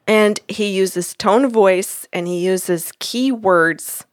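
A woman's voice: mid-range voice, takes it slowly, no room sound, studio quality. A woman co-hosting a podcast as a psychic medium, telling a story in a chatty, giggly, self-deprecating way. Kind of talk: casual storytelling chat.

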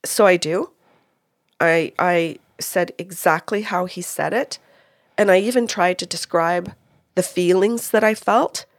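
A woman's voice: lowish voice, unhurried, dry recording, clean studio sound. A woman recounting a reading she gave as a medium, retelling what people said in quotes, with many restarts. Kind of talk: casual storytelling.

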